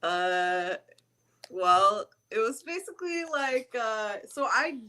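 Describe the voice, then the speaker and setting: A woman who is a guest on a podcast, chatting in a relaxed way and laughing often. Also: mid-range voice, slow. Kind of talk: casual chat.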